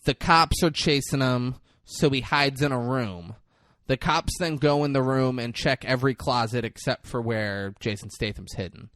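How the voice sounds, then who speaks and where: A man on a podcast casually recapping a movie plot, jumping into loud, high voices when he quotes the characters. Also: normal speed, no room sound, studio quality. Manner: animated retelling, acting out characters in quotes. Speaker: podcast co-host.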